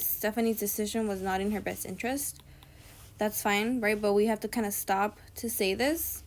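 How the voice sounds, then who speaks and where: A young woman talks through a grammar lesson in a relaxed, conversational way. She goes over each point more than once and keeps checking in with her listeners. Her voice sits at a medium pitch for a woman. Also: moderate pace. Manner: chatty, repeats points, frequent "right?" checks. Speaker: tutor. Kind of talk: casual explanatory lesson.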